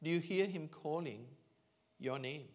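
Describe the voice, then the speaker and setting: Slow, earnest male preacher. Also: a little high, darkish tone. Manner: slow, earnest storytelling with many pauses and fillers. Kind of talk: sermon. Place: church.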